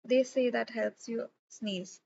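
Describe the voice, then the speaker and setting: A woman's voice: on the high side, fairly even intonation, slow, gravelly, a little mellow, lo-fi sound, slight background noise. A woman reading as a sly teasing young man. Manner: sly, mocking. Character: brash teasing young man, older brother.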